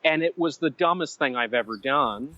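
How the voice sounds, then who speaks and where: A man telling stories as a podcast guest, animated and self-mocking, drifting into side stories. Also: on the high side, normal speed, lo-fi sound. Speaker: guest writer. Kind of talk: conversational storytelling.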